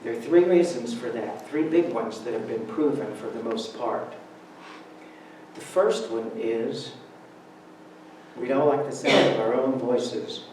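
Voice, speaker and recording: A man's voice: medium pitch, expressive, a little slow, a little mellow, a little hiss or hum. A man giving a Sunday talk at church, telling stories conversationally with humor. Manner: conversational, humorous storytelling with laughs. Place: church sanctuary. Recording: roomy church hall, speaker far from mic.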